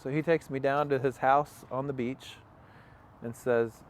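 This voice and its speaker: A man's voice: mid-range voice, fairly even intonation, unhurried, a little hiss or hum. A young man, an interview guest, telling a long personal story in a casual, rambling way with many fillers and acted-out quotes. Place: outdoors on a farm.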